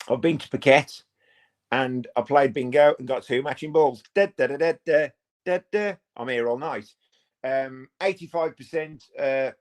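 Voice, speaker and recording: A man, hosting a live football watch party in a casual, jokey way and reading out viewer comments. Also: medium pitch. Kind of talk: casual live-stream chat.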